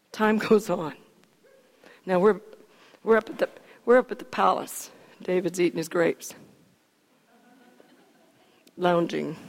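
A woman preacher retelling a story in animated sermon style, asking her listeners questions. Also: a little high. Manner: animated, acts out scenes, asks the audience questions. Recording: long reverb of a hall.

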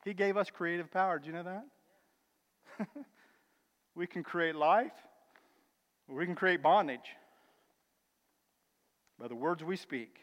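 A man preaching a sermon with emphatic, building declarations and quieter asides, calling listeners brother and sister. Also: high voice, slow pace, long pauses. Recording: long reverb of a large hall.

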